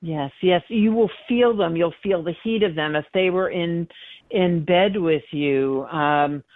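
A woman giving an interview as a psychic guest, earnestly recounting her readings in an unhurried storytelling way. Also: fairly low pitch, dry recording. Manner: earnest storyteller, repeats words, laughs easily. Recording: tinny phone line.

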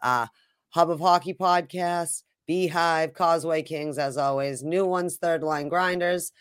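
A woman's voice: deep voice, fairly even intonation, measured pace, clear, resonant tone, no echo, studio quality. A woman co-hosting a sports podcast in casual chat, chatty and teasing, with fillers. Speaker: podcast co-host.

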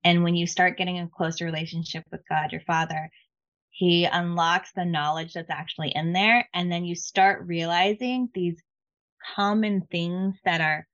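A woman speaks on a podcast in an excited, rambling way, stacking fillers and restarting her sentences. Her voice sits slightly low. The sound is dull and lo-fi. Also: normal speed. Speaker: podcast guest. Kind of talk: casual faith chat.

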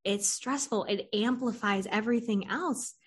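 A woman's voice: a little high, moderate pace, slightly rough. A woman hosting an interview, chatting casually and animatedly telling stories about her therapy clients, acting out their lines and laughing often. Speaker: podcast host and therapist.

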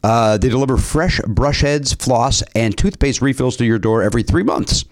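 A man's voice: medium pitch, lively intonation, normal speed. A man co-hosting a podcast, reading a sponsor ad in casual, jokey chat with many restarts. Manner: stammering, playful, jokey.

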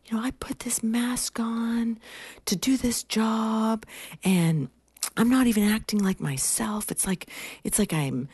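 A woman's voice: low-pitched, expressive, unhurried, darkish tone, slightly rough, no room sound, heavily acted. A woman voicing a young office worker who sobs that she feels like a fraud. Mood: distraught. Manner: tearful, pleading. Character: young woman sobbing over feeling like a fraud.

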